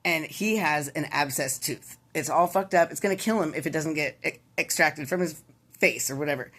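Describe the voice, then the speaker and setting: Gruff, swearing bar owner, low and flat, played by a woman telling a joke. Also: normal speed. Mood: grumbling. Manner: profane, matter-of-fact. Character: gruff male small-town bartender.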